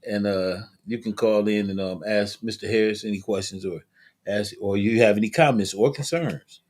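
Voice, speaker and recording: A man's voice: fairly low pitch, fairly even intonation, normal speed, a little mellow. A man hosting a call-in talk show, speaking in a loose, friendly way with many fillers and restarts. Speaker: show host.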